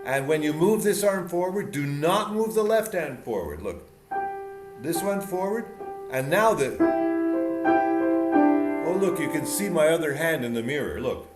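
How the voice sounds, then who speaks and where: Male piano teacher, animated encouraging coach, repeats words for emphasis, piano behind. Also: fairly high pitch, measured pace, long pauses. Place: music room with piano and mirror.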